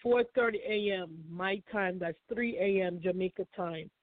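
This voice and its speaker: Speaking over a tinny, dry phone line with no room sound, a woman guest author recounts her personal story in an interview. Her medium-pitched voice moves at a moderate pace, and she comes across as emotional and repetitive.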